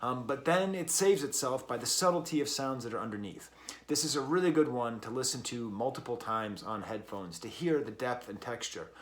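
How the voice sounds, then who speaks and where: A man's voice: mid-range voice, moderate pace. A man reviewing an album in a casual, rambling way, with many fillers and restarts. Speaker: music reviewer.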